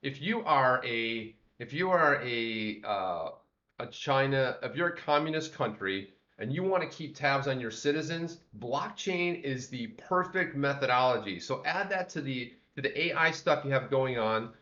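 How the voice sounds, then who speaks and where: A man's voice: medium pitch, expressive, moderate pace, pushed and bright. Chatty man in a roomy room. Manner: chatty, rambling, greets viewers by name. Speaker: livestream co-host. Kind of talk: casual livestream chat. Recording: roomy, slightly dull livestream audio.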